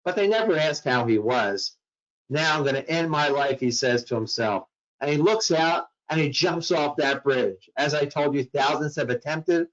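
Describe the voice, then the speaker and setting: A man's voice: a little high, normal speed, a bit bright, dull audio. A man giving a talk on mental health to workplace staff, telling a story dramatically and acting out the voices in it.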